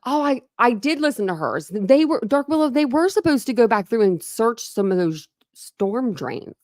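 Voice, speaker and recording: A woman's voice: on the high side, sing-song, darkish tone, no room sound, clean studio sound. A woman from Ohio with a Southern twang, hosting a casual true crime livestream and chatting in a rambling way full of asides. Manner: rambling and chatty, many fillers and quick asides. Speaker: true crime channel host.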